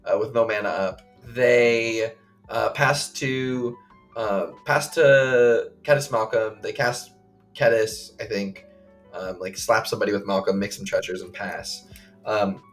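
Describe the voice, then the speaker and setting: A man co-hosting a podcast, recounting a game play by play in casual chat, full of fillers and quick acted quotes. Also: on the low side, steady tone, soft background music. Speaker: podcast co-host.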